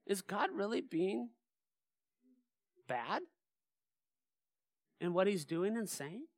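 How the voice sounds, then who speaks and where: A male pastor preaching a sermon in a church, animated and asking his congregation rhetorical questions. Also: high-pitched, slow pace, no echo, clean studio sound. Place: church sanctuary.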